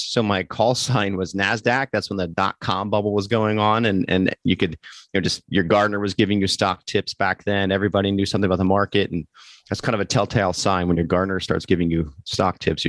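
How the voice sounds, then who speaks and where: Deep gravelly man telling his story. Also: steady tone, quick pace, a bit bright, no echo, studio quality. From Pennsylvania. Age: 40s. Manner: rambling, conversational, with self-corrections. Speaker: guest, financial advisor. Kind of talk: casual interview storytelling.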